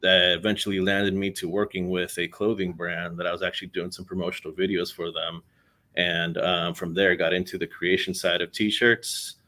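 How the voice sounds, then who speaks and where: A young man talking casually as a podcast guest, relaxed and rambling with many fillers. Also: sits low, moderate pace. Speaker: podcast guest, content creator. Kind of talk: casual interview talk.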